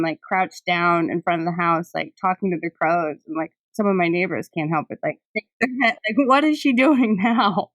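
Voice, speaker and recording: A young woman in easy podcast chat, talking in a slightly low voice and laughing often. Her speech is full of casual fillers, and the recording is dry and close with no room sound. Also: dry recording. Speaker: podcast host.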